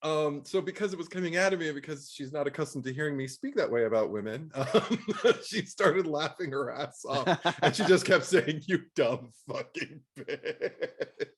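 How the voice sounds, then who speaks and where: A man co-hosting a casual chat about a horror film, laughing often and breaking into loud screamed impressions. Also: a little high, animated, a little fast, hardly any pauses. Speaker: co-host.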